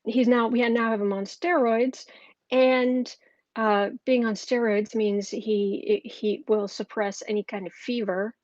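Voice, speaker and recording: A woman's voice: fairly high pitch, fairly even intonation, unhurried, a little mellow, dry recording, muffled recording. A woman hosting a live political tarot stream, talking casually from home with lots of fillers and restarts. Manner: chatty, with frequent fillers and restarts. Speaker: political tarot reader and host. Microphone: camera mic.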